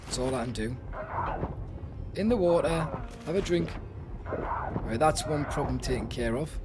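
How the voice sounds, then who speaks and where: A young man giving live commentary while he plays a video game, excitable and talking to himself. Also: mid-range voice, measured pace. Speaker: streamer. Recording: game music in the background. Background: game music.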